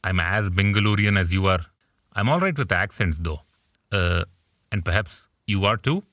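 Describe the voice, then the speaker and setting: Audiobook: man voicing friendly, laid-back young man, low voice. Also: normal speed, fairly bright tone, no room sound, highs cut off. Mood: easygoing. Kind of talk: audiobook character voice.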